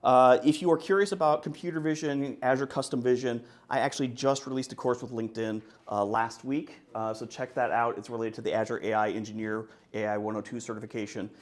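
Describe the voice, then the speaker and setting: A man giving a conference talk, joking and animated as he presents. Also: mid-range voice, a little fast, few pauses. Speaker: conference speaker.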